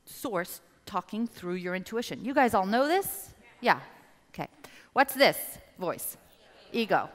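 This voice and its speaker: A woman business coach giving a motivational seminar talk, animated and addressing the audience directly. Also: medium pitch. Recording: reverberant hall.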